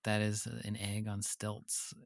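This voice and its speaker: Gravelly-voiced guy on a podcast, easygoing jokey asides, dry mic. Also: fairly low pitch, completely flat delivery, slow pace, dry recording. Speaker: podcast co-host. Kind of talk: casual chat.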